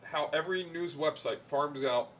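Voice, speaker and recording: A man's voice: on the high side, normal speed, a bit bright, far from the mic. A man co-hosting a casual podcast, talking in a dry, dismissive, sarcastic way. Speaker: podcast co-host. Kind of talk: casual chat.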